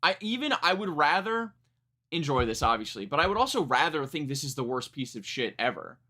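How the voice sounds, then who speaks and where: A man's voice: on the high side, very animated, a little fast, pushed and bright. A young man reacting live to a new song, talking casually, rambling and correcting himself, frank and a bit profane. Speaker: music reaction streamer.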